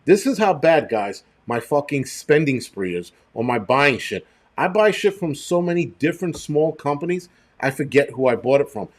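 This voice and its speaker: A man's voice: fairly high pitch, animated, moderate pace. A middle-aged man hosting a casual livestream, rambling and swearing freely as he thanks viewers in chat. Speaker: show host.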